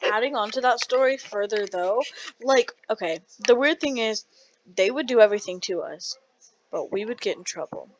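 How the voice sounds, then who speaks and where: A young podcast co-host chatting casually, cutting in with goofy, lively remarks. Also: female voice, on the high side, moderate pace, slight background noise. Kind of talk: casual chat. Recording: dull lo-fi sound.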